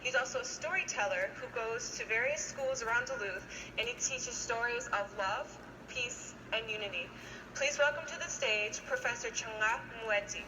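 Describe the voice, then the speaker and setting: A woman's voice: fairly high pitch, moderate pace. Woman presenter in an echoey hall. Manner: addresses the audience with questions. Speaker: event presenter. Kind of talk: stage introduction. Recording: echoey hall, distant mic, noise.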